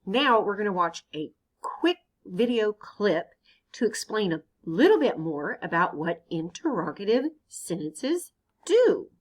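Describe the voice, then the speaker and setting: A woman's voice: mid-range voice, big pitch swings, a little slow. A woman teaching young children in an online lesson, asking them questions and answering them patiently. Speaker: elementary teacher.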